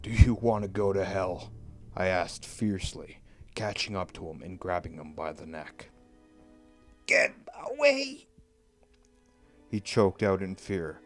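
A man with a fairly low voice reads a horror tale very slowly, letting each line sink in. His delivery is hushed and deliberate, with faint music playing softly behind him. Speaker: creepypasta narrator. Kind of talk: dramatic horror story reading. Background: faint background music.

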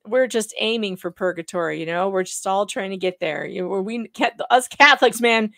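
A woman's voice: mid-range voice, gravelly, fairly bright tone, no echo, studio quality. A woman guesting on a live stream, chatting casually and laughing a lot. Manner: giggly, chatty, quick to laugh.

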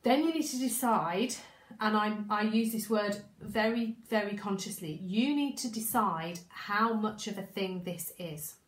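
A woman coaching in a casual spoken training talk. She chats, repeats herself, restarts sentences and acts out inner thoughts, and her voice is croaky. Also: mid-range voice, a little slow, reverberant, low-quality recording.

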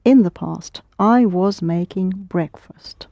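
A woman's voice: lowish voice, slow pace, vocal fry, dark tone, no room sound. A woman teaching a language lesson, explaining patiently step by step and prompting her students.

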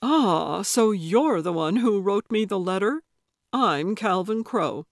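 A woman's voice: medium pitch, lively intonation, slow pace, dry recording, clean studio sound. A woman voicing an old man, terse at times and easily delighted. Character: cheerful old man, theme park fan.

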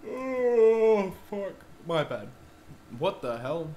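A man hosting a horror game video, cursing, shouting at the game and talking back to its characters. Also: mid-range voice, measured pace, lo-fi sound, slight background noise. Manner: profane, loud and reactive, talks back to the game. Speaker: gaming video host. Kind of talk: horror game reaction commentary.

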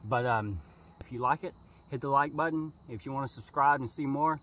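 A man, excitedly narrating his fishing outdoors and talking to his viewers. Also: mid-range voice, brisk, rough recording. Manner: excitable, exclaims often, addresses viewers as y'all. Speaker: fishing vlogger. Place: outdoors by water.

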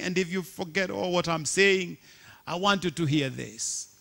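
A man's voice: on the high side, unhurried, creaky, bright, forceful tone. A man preaching a sermon with passion, repeating rhetorical questions to the congregation.

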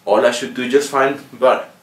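A man's voice: mid-range voice, fairly even intonation, moderate pace. Mexican man teaching, echoey room. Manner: patient, ends phrases with "okay?". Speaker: language teacher. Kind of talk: casual video lesson. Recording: roomy echo, mic at a distance.

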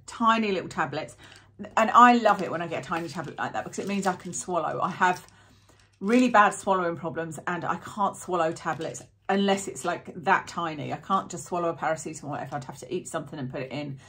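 Chatty woman, lowish voice. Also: fast, pushed and bright. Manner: rambling, self-interrupting, chatty. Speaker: beauty vlogger. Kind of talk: chatty product review.

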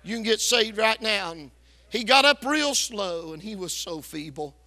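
Loud, bright-voiced preacher in an echoey hall. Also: male voice, high-pitched, lively intonation, moderate pace. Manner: loud, hard-driving preaching. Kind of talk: revival sermon storytelling. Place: church sanctuary.

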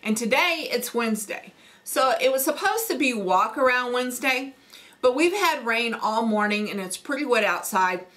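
A woman with a Missouri Midwestern accent hosts a homesteading channel, speaking at a moderate pace in a fairly high, bright, expressive voice. In this casual accent-challenge vlog she's chatty and folksy, with fillers and laughs.

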